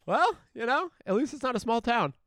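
A man's voice: extremely high pitch, big pitch swings, brisk, a bit bright, dry recording, studio quality. A young man, co-hosting a casual podcast, laid-back and swearing freely, calling everyone dude. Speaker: podcast co-host. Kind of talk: casual crude banter.

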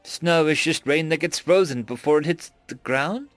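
A man's voice: a little high, normal speed, a bit bright, dry recording, soft background music, lightly acted. A man voicing a nervous, polite human schoolgirl who talks in a hesitant, formal way. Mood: puzzled.

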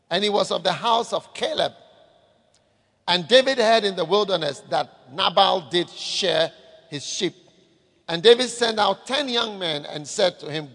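High-voiced preacher in an echoing hall. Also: male voice, fairly bright tone. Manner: calls for audience response. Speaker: pastor. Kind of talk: sermon. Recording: echoey hall reverb.

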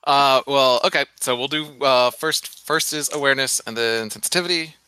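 A man playing a tabletop game, joking and lively as he describes his character's moves. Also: medium pitch, moderate pace, smooth. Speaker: player.

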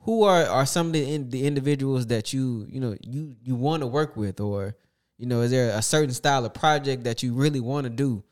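Relaxed slangy male co-host. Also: mid-range voice, a little fast. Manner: relaxed, slangy, repeats "you know what I'm saying". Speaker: podcast co-host. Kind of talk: casual interview chat.

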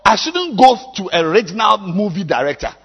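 Pastor preaching in a reverberant hall. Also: male voice, very animated, fairly quick, slightly rough, muffled recording. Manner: swings from low musing to shouted exhortation. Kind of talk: sermon.

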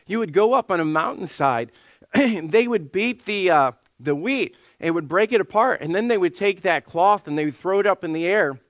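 A man, a lead pastor delivering an animated sermon. He clears his throat often and acts out the voices he quotes. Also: high-pitched, dry recording.

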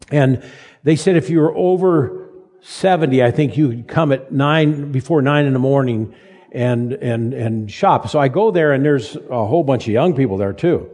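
A man in his seventies preaching a sermon in a folksy, halting way, repeating words as he tells stories. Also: medium pitch, warm tone. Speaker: pastor. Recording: long reverb of a large hall.

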